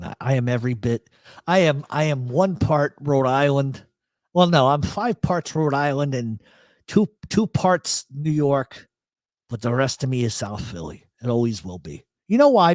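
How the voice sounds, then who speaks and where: With a medium-pitched, slightly mellow voice, this radio host reads out chat comments on his laid-back live talk show. He rambles, swears a lot, speaks bluntly, and hammers points home by repeating them in emphatic agreement. The studio-quality recording has no room sound.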